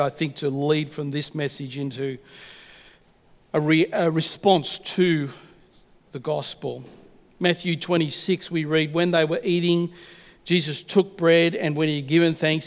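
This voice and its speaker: A man preaching a sermon and leading a communion prayer, earnest and measured, slowing down to stress key words. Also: on the high side. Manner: earnest, measured, slows for emphasis. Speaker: pastor. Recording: long reverb of a church hall.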